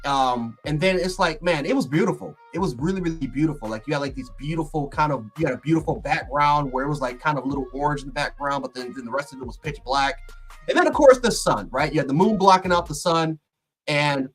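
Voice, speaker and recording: A man hosting a casual livestream, talking in an excitable, rambling way with lots of fillers and restarts. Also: on the high side, brisk, husky, soft background music. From Buffalo, New York. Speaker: sports channel host.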